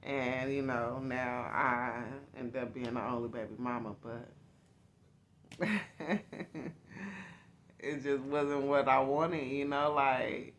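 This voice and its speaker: A woman's voice: a bass voice, steady tone, slow, pauses often, slight background noise. A woman host telling her own life story to her viewers in a candid, confiding, casual way.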